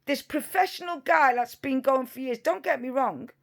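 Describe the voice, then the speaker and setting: Woman commentator, slightly high voice, emphatic, indignant, sarcastic. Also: moderate pace, gravelly, a bit bright. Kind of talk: reaction commentary on video clips.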